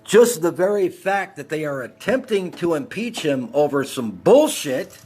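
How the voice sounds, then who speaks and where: A man's voice: on the high side, very animated, a little slow, darkish tone, breathy edge. A man in his forties from Texas, hosting a heated, profane rant on his live stream. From El Paso, Texas. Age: 40s. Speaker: livestream host.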